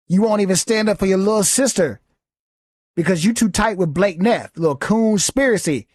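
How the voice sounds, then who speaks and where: A man's voice: sits high, a little fast, no echo, clean studio sound. A man hosting a podcast, giving a heated, taunting, profane commentary monologue. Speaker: podcast host.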